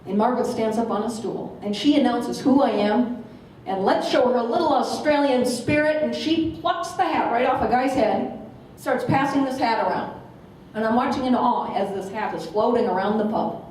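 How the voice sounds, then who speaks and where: A woman in her forties from Minnesota with an American accent. She gives a lively, humorous storytelling speech as a guest speaker and acts out the quotes. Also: a little high, normal speed, a little hiss or hum. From Minnesota, USA. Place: meeting hall. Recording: echoey hall, distant mic.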